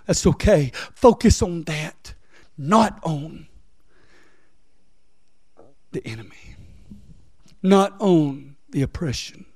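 A man's voice: fairly high pitch, animated, takes it slowly, long pauses, a little mellow, husky, no echo, studio quality. A man preaching a sermon, repeating phrases and rising into emphatic, near-sung lines.

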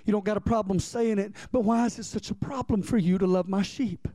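A pastor delivering a sermon in a high, mellow voice. He preaches in a conversational way, repeating key lines and checking in with the congregation. The sound is dry and close. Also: fairly quick, dry recording.

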